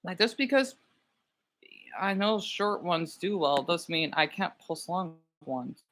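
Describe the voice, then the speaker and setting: A man's voice: high-pitched, expressive, slow, a bit bright. A young man streaming from bed late at night, chatting casually and rambling as he checks his videos, often cutting himself off mid-thought. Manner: rambling, self-interrupting, talks to himself. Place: in bed at home.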